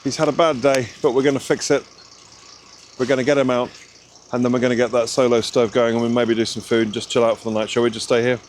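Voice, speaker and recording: A man's voice: medium pitch, little pitch movement, fast talker, slight background noise. A man vlogging outdoors in the snow, chatty and reassuring as he gives directions. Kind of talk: casual vlog chat.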